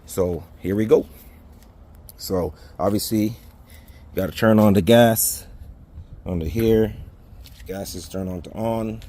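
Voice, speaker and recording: A man's voice: on the low side, takes it slowly, pauses often. A man casually showing off his motorcycle on a handheld phone outdoors, chatting loosely with his viewers. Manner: relaxed, rambling, chatty with viewers. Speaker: motorcycle vlogger. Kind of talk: casual bike walkaround vlog. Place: outdoors beside a running motorcycle. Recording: outdoor phone audio with loud engine noise. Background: idling motorcycle engine.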